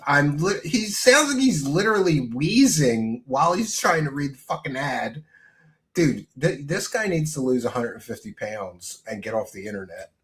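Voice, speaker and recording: A man's voice: medium pitch, animated, normal speed, a bit bright. A man hosting a loose livestream talks in a mid-range voice, trading laughs and crude, mocking asides. His delivery is casual and rambling. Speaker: show host.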